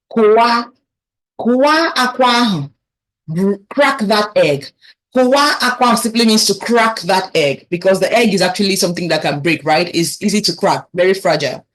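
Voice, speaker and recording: A woman with a Nigerian accent teaching a children's language lesson, patiently repeating phrases slowly for learners to echo. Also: medium pitch.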